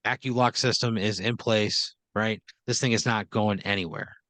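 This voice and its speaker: A man's voice: fairly low pitch, steady tone, moderate pace, fairly bright tone, no room sound. A man hosting a comedy podcast and spinning an improvised story, rambling and filler-heavy, often checking in with "right?". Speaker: podcast host.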